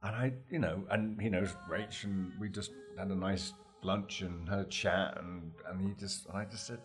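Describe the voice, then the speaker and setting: A male actor guest telling animated stories in a relaxed interview, laughing often and acting out dialogue. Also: low voice, moderate pace, soft background music. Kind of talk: anecdotal interview storytelling.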